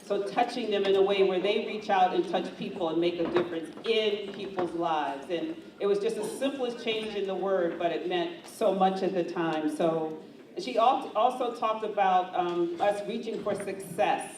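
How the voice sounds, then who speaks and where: A woman's voice: medium pitch, normal speed. Emotional woman speaking in a big echoey hall. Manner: heartfelt, emotional, with fillers. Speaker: event host. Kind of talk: speaking to a luncheon audience. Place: large event hall. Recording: echoey hall from far off, faint noise.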